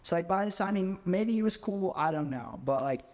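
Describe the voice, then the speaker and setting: Animated young man in a long echo. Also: high-pitched, a little fast. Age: 20s. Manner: constant "like" fillers, animated. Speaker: podcast guest. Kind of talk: casual storytelling.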